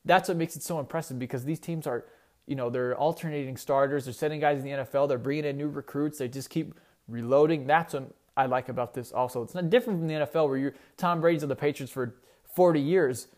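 Young male sports host, slightly higher voice, loose and rambling, keeps restarting his sentences. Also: quick pace, darkish tone. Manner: rambling, self-correcting, conversational. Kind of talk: casual solo sports talk.

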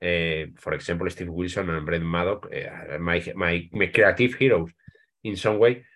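A man with a Spanish accent talks in a somewhat low voice, stopping and restarting often as he reaches for English words. He speaks as a guest author in a relaxed interview. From Spain. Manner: halting, many restarts and repeated words. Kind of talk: casual interview chat.

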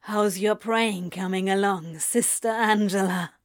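A woman voicing a female demon, speaking in a slow, husky, teasing murmur. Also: mid-range voice, no room sound, studio quality.

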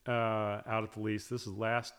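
A middle-aged man in casual conversation, telling a long story with many restarts and soft, trailing asides. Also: fairly low pitch, level tone, normal speed. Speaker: guest talking about hunting with his daughters.

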